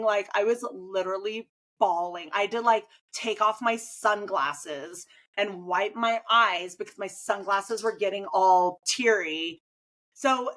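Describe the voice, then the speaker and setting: Woman, coach-host, casual and chatty, medium pitch, lively delivery. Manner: chatty, animated, acts out quoted remarks. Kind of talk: casual conversation.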